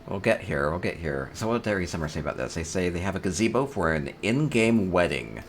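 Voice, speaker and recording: Deep-voiced man in chatty game commentary. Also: big pitch swings, quick pace, slight background noise. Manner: chatty, upbeat, thinks aloud with small chuckles. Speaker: host touring player homes in a game. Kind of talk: casual gameplay commentary.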